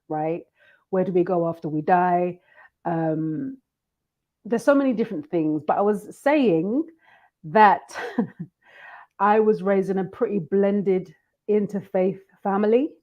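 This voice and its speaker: A woman's voice: medium pitch, warm tone. A woman on an online panel discussing faith, giggling and trying to compose herself. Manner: giggling, trying to stay serious.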